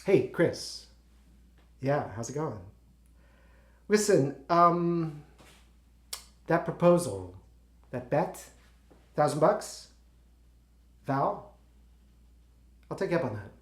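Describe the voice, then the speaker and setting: Scheming this time, the actor's young stage-actor character sounds a little high and very animated while he halts, stammers and restarts, addressing partners no one else can hear. It's a one-man play recorded with the roomy sound of a theatre stage.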